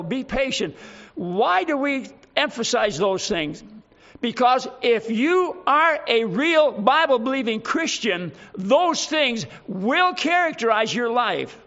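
Guy preaching a sermon, really high voice, kinda dull lo-fi sound, keeps hammering questions. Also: lively intonation, slow pace, fairly bright tone. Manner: emphatic, repetitive rhetorical questions. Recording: dull lo-fi recording.

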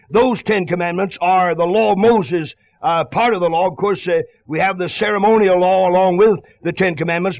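A man's voice: high-pitched, creaky, no echo. A man preaching an impassioned, pleading sermon, on a dull lo-fi radio broadcast.

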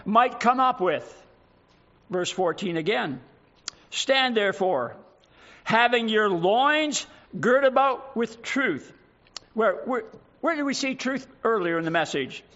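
A man in his eighties preaching with a high, bright, ringing voice. He drives home each point with slow, emphatic repetition and weighty pauses. The recording sounds dull and lo-fi. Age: 80s. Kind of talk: sermon.

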